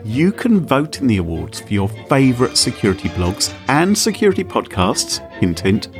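A man's voice: lowish voice, very animated, moderate pace, over music. A man co-hosting a podcast, playful and jokey in casual chat. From Britain. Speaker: podcast co-host.

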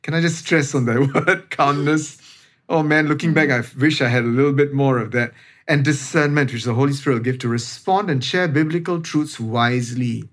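A man's voice: medium pitch, a little fast, fairly bright tone. A middle-aged man, a pastor, sharing a personal faith testimony on a panel in an earnest, reflective way that often speeds up.

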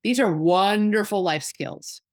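A woman psychotherapist and life coach talking in a casual interview, animated and storytelling, acting out what others said. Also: medium pitch, measured pace, dry recording. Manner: animated storyteller, acts out quoted voices.

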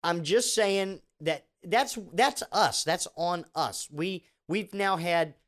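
A man's voice: sits high, slow, fairly bright tone. A man delivering a rambling, sarcastic comedic rant, full of restarts and asides.

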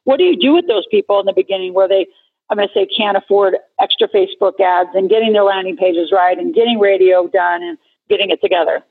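A woman's voice: medium pitch, expressive, slightly rough. A woman hosting a talk show, chatty and filler-heavy in casual conversation. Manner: chatty, quick-talking with many fillers. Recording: tinny phone-like radio sound.

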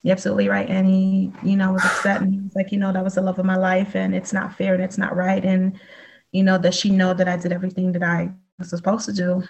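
A woman guest in an interview telling stories in a lively way, acting out the dialogue as she goes. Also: mid-range voice, a little fast, gravelly, rough recording. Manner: animated, acts out dialogue in storytelling. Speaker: guest, psychic medium. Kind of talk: conversational storytelling.

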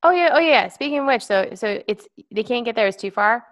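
A woman co-hosting a casual political podcast, indignant and quick, often restarting her sentences and talking over her partner. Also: a little high, animated. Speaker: podcast co-host. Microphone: remote call with feedback.

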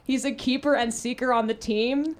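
A woman's voice: on the high side, fairly even intonation, normal speed. A young woman hosting a casual podcast chat, bubbly and teasing, often giggling. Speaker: podcast host.

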